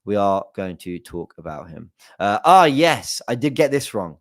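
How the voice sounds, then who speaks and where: A man's voice: lowish voice, sing-song, moderate pace, dry recording. A young man hosting a football fan channel, talking casually with lots of fillers and hedges. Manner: chatty, hedging, many fillers. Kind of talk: casual chat to camera.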